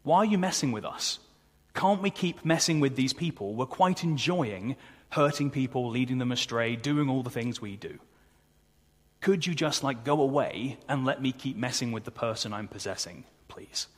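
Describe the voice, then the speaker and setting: A man's voice: mid-range voice, expressive, normal speed, lightly acted. A man voicing a mocking male demon, sly and taunting. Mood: wheedling. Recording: long hall reverb.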